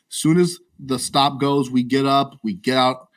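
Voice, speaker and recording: A man co-hosting a podcast, telling a story in casual chat, animated and swearing a lot. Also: medium pitch, unhurried. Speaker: podcast co-host.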